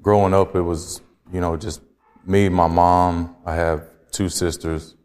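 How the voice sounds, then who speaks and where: A man from Georgia, slowly and reflectively telling his life story as an interview guest. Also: low voice, level tone, darkish tone, long reverb tail. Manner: slow, reflective, halting. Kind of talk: personal testimony in conversation.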